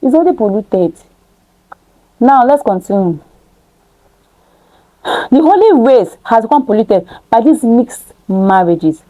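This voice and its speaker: A woman's voice: a little high, lively intonation, slow pace, pauses often, mellow, poor audio. A woman reading scripture aloud and breaking off into emphatic preaching, with rhetorical questions to her listeners. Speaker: Bible study teacher.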